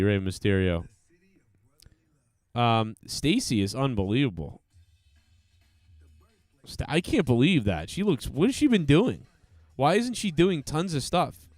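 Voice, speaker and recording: A man's voice: medium pitch, dry recording, clean studio sound. A man hosting a live stream, giving casual commentary to his chat in a crude, joking, rambling way.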